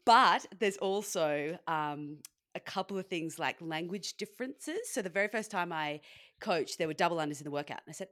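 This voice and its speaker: Chatty Australian woman, lower voice. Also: lively intonation, normal speed, a bit bright. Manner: chatty storyteller, laughs often, acts out quoted dialogue. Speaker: podcast co-host, fitness coach and sports journalist. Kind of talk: casual chat.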